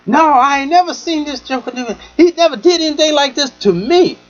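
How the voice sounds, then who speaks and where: A man putting on a shrill, distraught woman. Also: animated, highs cut off. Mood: indignant. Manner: shrill, rapid, repeating words. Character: distraught angry young woman, cursing and crying.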